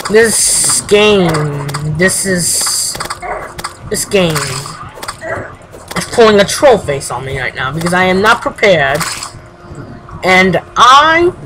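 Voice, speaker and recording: A young man giving casual let's-play commentary, excitable and swearing often, jumping into high exclamations. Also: background noise. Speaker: gameplay commentator.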